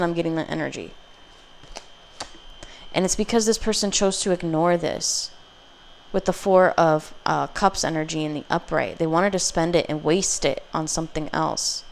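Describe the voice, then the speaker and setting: Brief: a woman doing a casual tarot reading, rambling and profane, with a gravelly low voice. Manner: blunt, profane, rambling, with acted quotes. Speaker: tarot reader.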